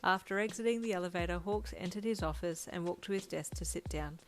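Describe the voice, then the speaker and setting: A woman narrating a fan story in the second person, with gentle, even storytelling. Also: fairly low pitch, brisk. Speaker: fanfiction narrator. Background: lo-fi drum loop.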